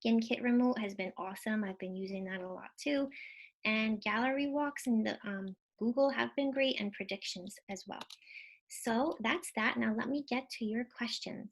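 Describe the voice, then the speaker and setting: A woman's voice: fairly high pitch, moderate pace, slight background noise. A woman teacher presenting a live webinar in a casual, bubbly way, thanking viewers and muttering to herself while she fixes tech trouble on a computer mic.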